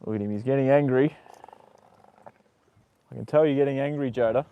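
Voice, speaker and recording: Through narrow, tinny audio, a man with a clean-toned, mid-range voice speaks fairly quickly. He's casually livestreaming as he treats his horse's leg, muttering while working, cursing freely, and chatting to viewers and the horse.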